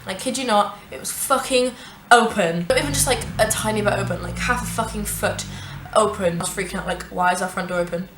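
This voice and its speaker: A young woman telling a storytime vlog, animated and sweary, with many "like" fillers. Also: medium pitch, fairly quick, music in the background. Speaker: vlogger. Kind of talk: casual storytime narration. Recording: echoey room.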